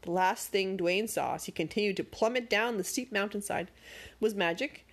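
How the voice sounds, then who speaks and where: A woman narrating a storybook with expressive, dramatic pacing. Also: mid-range voice, moderate pace.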